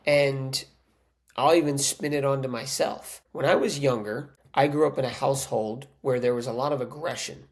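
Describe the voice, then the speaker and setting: A man speaks as a podcast coach in a casual, earnest monologue. His voice sits at a middle pitch with a gravelly, creaky edge. He keeps it conversational, often tagging lines with a quick question to the listener. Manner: earnest, conversational, frequent "right?" tags.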